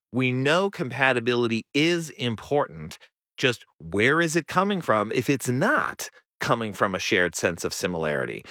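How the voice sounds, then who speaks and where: Bright, animated professor, dry sound. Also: male voice, medium pitch, no room sound. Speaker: psychology professor guest. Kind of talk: explaining research in an interview.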